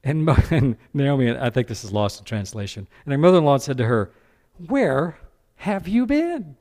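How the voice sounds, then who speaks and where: A man preaching a sermon as pastor, animated, breaking into character voices. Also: medium pitch, fast.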